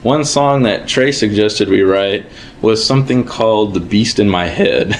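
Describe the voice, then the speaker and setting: A man's voice: fairly low pitch, measured pace, a little hiss or hum. A man recalling past events in a casual documentary interview, with frequent fillers.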